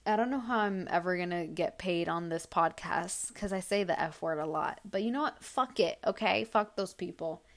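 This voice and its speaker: A woman's voice: fairly low pitch, normal speed, hardly any pauses. A young woman hosting a casual advice podcast, answering listener questions bluntly and heatedly, with lots of swearing.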